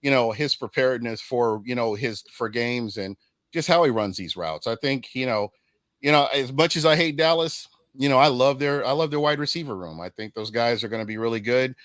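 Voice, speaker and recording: A man with a mid-range voice talking through football opinions at an even, considered pace, leaning on filler words. His voice is recorded dry and close, with no roomy echo. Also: mid-range voice. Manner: measured, many "you know" fillers. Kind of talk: casual sports podcast chat.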